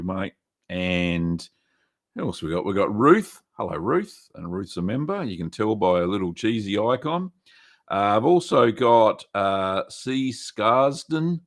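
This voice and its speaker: A man's voice: fairly low pitch, a bit bright. Chatty Australian man hosting a livestream. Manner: chatty, greets viewers by name, many fillers. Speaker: livestream host. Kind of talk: casual livestream chat.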